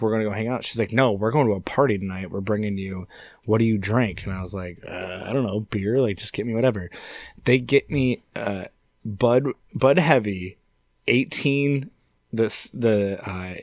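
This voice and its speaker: A young man from upstate New York, a podcast guest telling a story in a casual, animated way and swearing freely. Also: on the low side, no room sound. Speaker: podcast guest, singer-songwriter.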